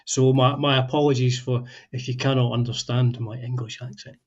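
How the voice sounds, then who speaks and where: A man's voice: medium pitch, little pitch movement, a little mellow. Man on a dull lo-fi line. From Scotland. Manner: halting, repeats words while searching for them. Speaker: guest, guitar YouTuber. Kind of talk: casual podcast chat.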